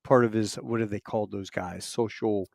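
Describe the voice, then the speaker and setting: A man in his fifties, an airline pilot who co-hosts a podcast, tells a long personal story in casual chat, animatedly acting out the voices of the people involved. His voice is lowish with vocal fry and a normal speed, recorded at studio quality without room sound.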